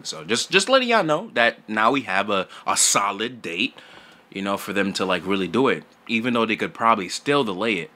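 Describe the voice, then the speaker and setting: Loud, excitable young man with a bright voice. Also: deep voice. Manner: loud, excitable, slangy, repeats "bro" constantly. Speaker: gaming YouTuber. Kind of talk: casual gaming news vlog. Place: home recording setup.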